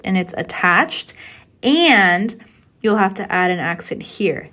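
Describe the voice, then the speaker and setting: Woman instructor, recorded lecture, patient and explanatory, mid-pitched. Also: expressive, slow pace, sharp tone. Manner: patient, explanatory, checks in with "okay?". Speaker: Spanish teacher.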